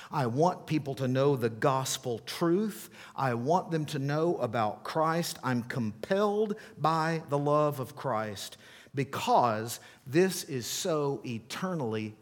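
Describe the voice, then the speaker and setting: A middle-aged man preaching a sermon as pastor, emphatic and animated, with playful asides. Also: mid-range voice. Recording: long hall reverb.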